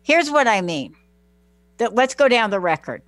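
A woman with a Southern US accent hosting talk radio, rambling warmly through stories and catching herself mid-sentence. Her voice is dry and close on the mic, with no room sound around it. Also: on the high side, moderate pace, no echo. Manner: chatty, animated storyteller with self-interruptions. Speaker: radio show host. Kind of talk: casual talk radio monologue. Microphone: studio microphone, close.

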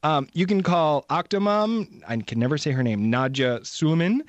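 A man's voice: fairly high pitch, moderate pace, dry recording, lo-fi sound. A middle-aged man hosting a talk show, chatting casually and laughing often. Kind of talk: casual chat.

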